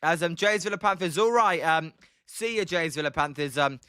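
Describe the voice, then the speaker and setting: British male streamer, casual play-by-play, bright, slightly high voice, dry close sound, filler-heavy. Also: moderate pace, clear, resonant tone, no echo. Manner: chatty, many ums, reads chat aloud. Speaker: livestream host doing play-by-play. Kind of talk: casual live commentary with chat replies.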